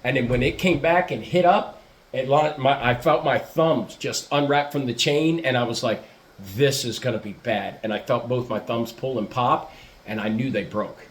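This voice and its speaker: A man's voice: medium pitch, normal speed, slight background noise. A man telling a rowdy story in a casual podcast chat, swearing freely and laughing often. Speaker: podcast host.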